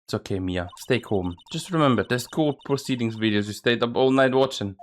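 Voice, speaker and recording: A man voicing a cool, smooth-talking male veteran lawyer who teases in a slow drawl. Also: mid-range voice, a little hiss or hum, natural voice. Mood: reassuring. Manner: laid-back, teasing, slow drawl.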